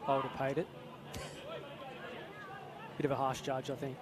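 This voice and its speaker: A man's voice: mid-range voice, flat delivery, normal speed, crowd noise, noisy background. A man with an Australian accent giving chatty live football analysis, with some hesitant restarts. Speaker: expert commentator. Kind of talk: live sports commentary.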